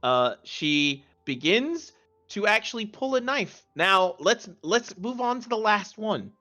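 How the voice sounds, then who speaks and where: A man narrating as game master of an online tabletop game, halting and restarting his phrases. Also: sits high, big pitch swings, bright, forceful tone, highs cut off.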